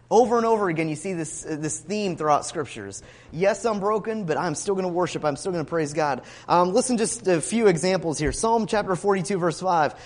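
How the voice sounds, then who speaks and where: A man preaching a sermon, expressive, rising to emphatic cries when he quotes scripture. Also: high voice, a little fast, few pauses, big-room sound. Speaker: pastor.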